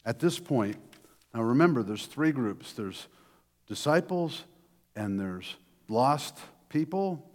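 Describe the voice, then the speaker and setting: Man preacher, mid-pitched, lively storyteller, hall with long reverb. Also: takes it slowly. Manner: animated storytelling with restarts. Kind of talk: sermon.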